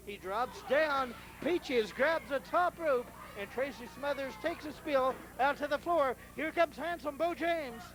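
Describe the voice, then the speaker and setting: Brief: man, wrestling commentator, high voice, unhurried but excitable. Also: rough recording. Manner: excitable, repeats wrestler nicknames. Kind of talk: play-by-play commentary. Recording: tape of a live arena event.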